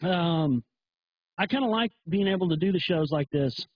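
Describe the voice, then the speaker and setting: Crude, rambling male livestream host, husky and high-pitched; dull, dry lo-fi stream. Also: animated, normal speed, no room sound. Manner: crude, rambling, swears a lot. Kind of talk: profane livestream rant.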